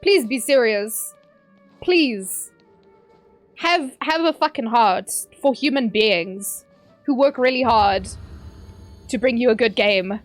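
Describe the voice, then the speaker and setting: A woman's voice: on the high side, unhurried, soft background music. A young woman streaming a game, chatting casually and ranting, with sudden yelps at the action. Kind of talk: casual live-stream chat while gaming.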